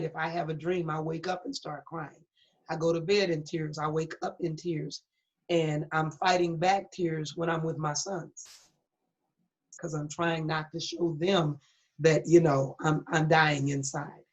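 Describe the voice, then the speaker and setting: A woman's voice: sits low, little pitch movement, unhurried. A middle-aged woman pastor tells her own story in an interview, candid and earnest, with a preacher's emphasis. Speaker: pastor and guest. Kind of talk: personal testimony in an interview. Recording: dull lo-fi recording.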